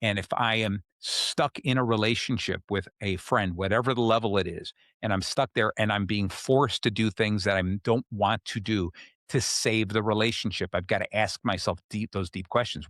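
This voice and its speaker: A man's voice: fairly low pitch, moderate pace, a bit bright, no room sound, studio quality. A man hosting a self-help podcast, explaining ideas in a casual way and often checking in with "okay?". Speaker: podcast host.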